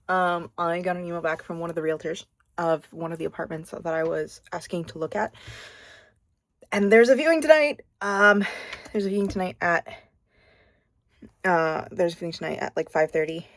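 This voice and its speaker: A woman's voice: lowish voice, slight background noise. A young woman chatting casually to camera in a rambling, self-deprecating way while she goes about her day at home. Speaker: vlogger. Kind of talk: casual vlog chat.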